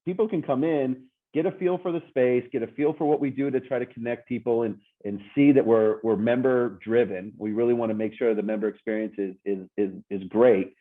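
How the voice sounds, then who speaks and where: A man's voice: mid-range voice, a little fast, few pauses. A man who co-owns a business, answering interview questions in an upbeat, emphatic way. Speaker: coworking space co-owner. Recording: tinny phone-like line.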